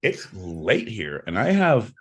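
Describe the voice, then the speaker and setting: Husky, profane, teasing male co-host. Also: on the low side, wildly swooping pitch, takes it slowly. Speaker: podcast co-host. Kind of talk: casual comedic banter.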